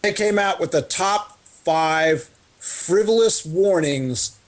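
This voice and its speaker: A man co-hosting a casual political chat show, telling stories in an incredulous, animated way. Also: high voice, takes it slowly. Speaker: co-host.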